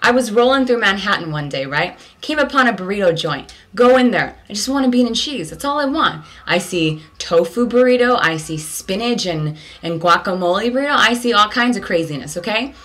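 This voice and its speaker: Woman vlog host from California: slangy comic ranter, very lively pitch. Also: a little fast, hardly any pauses. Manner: slangy, animated storytelling with sudden high outbursts.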